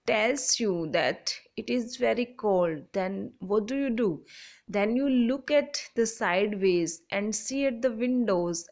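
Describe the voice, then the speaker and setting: A woman lecturer, slowly explaining a literary text, often repeating and rephrasing. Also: medium pitch. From India. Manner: slow, repeats and rephrases, reads passages aloud. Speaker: English lecturer.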